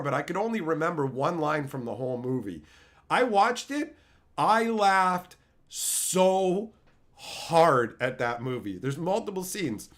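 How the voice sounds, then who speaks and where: A man's voice: sits high, a bit bright. A man chatting casually on a live stream, telling stories animatedly and laughing often.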